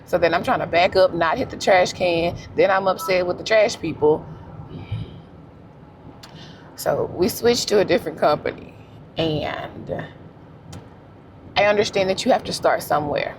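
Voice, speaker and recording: A young woman vlogging while driving, telling stories in a relaxed, slangy way. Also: on the low side, normal speed, slight background noise. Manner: animated storytelling with slang and laughs. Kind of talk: casual vlog chat. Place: in a car.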